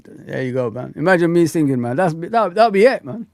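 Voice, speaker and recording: A man hosting a casual livestream chat, talking in an animated, rambling, slangy way. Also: on the high side, a little fast, dry recording. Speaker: host.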